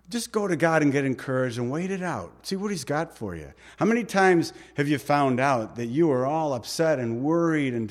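A man preaching a sermon in a conversational way, reading scripture and acting out short quoted asides. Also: mid-range voice. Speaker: pastor.

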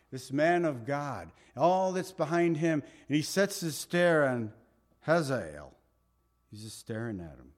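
A pastor preaches a verse-by-verse Bible sermon, retelling the story in a lively, conversational way. He slows down to read scripture aloud and drops his voice low for emphasis.

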